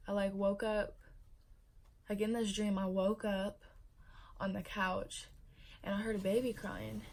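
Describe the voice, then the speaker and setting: A young pregnant woman talks in a casual, chatty vlog, full of fillers and easily moved to emotion. Her pitch sits in the middle and her delivery stays fairly flat in melody. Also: measured pace. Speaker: vlogger.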